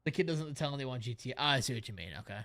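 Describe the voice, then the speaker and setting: A man chatting casually while streaming a baseball video game, with a New York accent and a habit of swearing and reacting loudly to plays. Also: mid-range voice, expressive, very fast, noisy background. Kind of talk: casual gaming stream chat.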